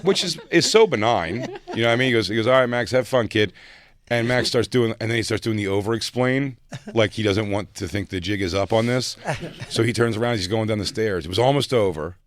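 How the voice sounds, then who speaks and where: A man's voice: on the low side, fairly quick. A man co-hosting a podcast, chatting casually and telling rambling, crude stories with frequent laughter. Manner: rambling storyteller, laughs often, crude jokes. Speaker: podcast co-host. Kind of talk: casual comedic chat.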